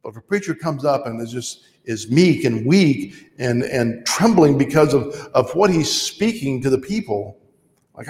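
A man's voice: mid-range voice, animated, measured pace, a little mellow. A man preaching a sermon in a church, teaching in a plain, conversational way with wry asides. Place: church sanctuary. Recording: echoey church hall.

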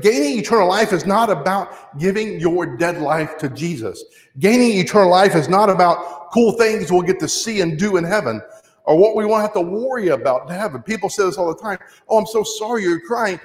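A man preaching a sermon in a church, conversational and slowing down to stress key words. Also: high voice. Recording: echoey church hall.

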